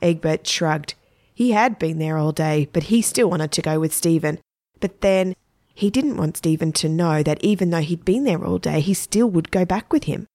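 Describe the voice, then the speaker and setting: A woman narrating a children's story in a plain, even manner. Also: lowish voice, moderate pace, dry recording, studio quality.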